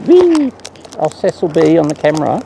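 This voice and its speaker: A man's voice: big pitch swings, measured pace. A man chatting to his pet birds in a cooing, sing-song voice, recorded on a camera on a tripod. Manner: cooing, sing-song talk to birds with high squeaky swoops. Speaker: bird keeper filming his parrots. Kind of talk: casual chat to pet birds. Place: indoors among pet birds. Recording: clear background noise.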